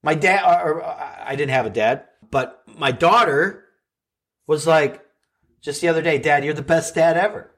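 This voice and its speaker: Earnest high-voiced man giving a pep talk. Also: a little slow, fairly bright tone. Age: middle-aged. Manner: earnest, preachy, rhetorical questions to listeners. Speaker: podcast host and coach. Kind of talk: motivational talk.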